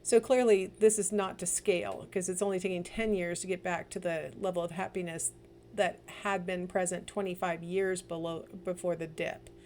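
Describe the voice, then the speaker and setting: A woman's voice: fairly low pitch, flat delivery, normal speed, a little mellow. Middle-aged woman lecturing, chatty, wanders off on little asides. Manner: chatty, digressive, with asides and fillers. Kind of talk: recorded lecture.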